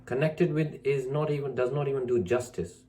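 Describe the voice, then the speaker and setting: Speaking with a dark, steady tone at normal speed, a man in the role of a spiritual teacher addresses the camera in an emphatic, reproachful monologue. He drives his points home through repetition and mocks excuses by putting on a whiny, high voice.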